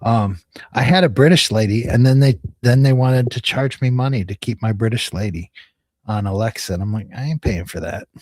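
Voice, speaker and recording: A man's voice: mid-range voice, fairly quick, a little mellow, no room sound. Male host, chatty storyteller, laughs a lot, dry close mic. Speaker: livestream host, attorney. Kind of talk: casual livestream chat.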